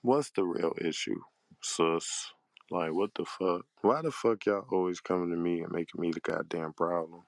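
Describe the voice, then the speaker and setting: A man with a very deep voice delivers an angry, profanity-laden rant as a panel host. He sounds heated and exasperated, at times drawn out and weary. The sound is dry and close. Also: moderate pace, gravelly, no room sound.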